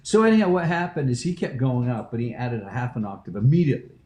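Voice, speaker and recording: A middle-aged man, a vocal coach guest, telling stories in a lively way and jumping up in pitch when he quotes people. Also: quick pace. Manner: animated storyteller, jumps up in pitch when quoting people. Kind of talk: live-stream interview storytelling. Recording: roomy echo.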